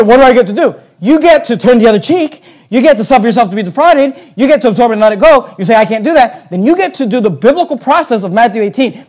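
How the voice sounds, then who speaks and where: A man preaching a sermon as pastor, swinging between soft and loud and acting out little dialogues. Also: very high voice. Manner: acts out little dialogues and quotes scripture.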